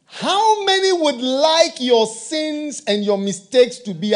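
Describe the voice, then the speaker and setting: A man's voice: very high-pitched, lively intonation, slow pace. A male bishop preaching a sermon, emphatic, repeating key phrases and often laughing.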